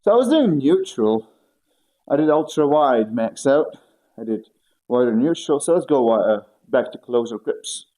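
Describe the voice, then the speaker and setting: A man streams himself working out and chats loosely with his viewers. His talk wanders and he jokes along the way. His voice sounds mellow and dark. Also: medium pitch, sing-song, moderate pace. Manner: rambling, joking, talking to chat. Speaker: livestreamer. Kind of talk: casual stream chat while working out.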